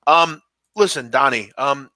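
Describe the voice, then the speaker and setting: Bright-voiced rambling male sports host. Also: mid-range voice, measured pace, no room sound. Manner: loose and rambling, lots of "like" and "uh". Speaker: sports betting show host. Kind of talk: casual sports chat.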